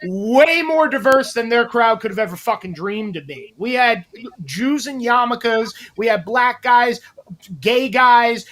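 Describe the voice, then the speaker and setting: A man's voice: extremely high pitch, fairly bright tone. A man from New Jersey, co-hosting a casual podcast, telling stories with lots of profanity and rambling asides.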